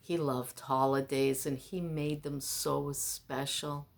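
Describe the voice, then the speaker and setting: A woman's voice: a bass voice, steady tone, slow pace, creaky. A woman vlogger delivering a rambling, exasperated, self-mocking monologue.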